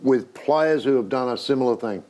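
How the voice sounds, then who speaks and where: This Australian man co-hosts a sports show. He backs the host with steady "yeah"s and wanders into stories of his own, in a mid-range voice for a man. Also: mid-range voice, moderate pace. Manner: agreeable, rambling, many "yeah"s. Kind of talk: casual sports chat.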